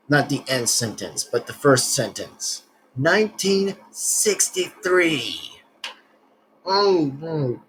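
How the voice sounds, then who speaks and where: A man's voice: mid-range voice, noisy background. A man hosting a reaction video, rambling and searching for words as he comments casually.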